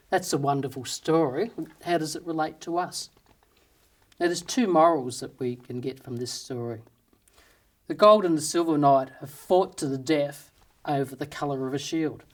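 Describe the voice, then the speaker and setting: A man at a middle pitch tells a fable and unpacks its moral in an earnest, plain-spoken way. He poses rhetorical questions to the listener as he goes. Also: darkish tone. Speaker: storyteller and motivational speaker. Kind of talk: telling a fable and drawing its moral.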